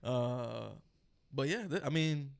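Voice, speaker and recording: A man's voice: mid-range voice, animated, slow, gravelly. A man co-hosting a horror news podcast, chatting casually and colloquially with lots of fillers. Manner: laid-back, colloquial, trailing fillers. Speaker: podcast co-host.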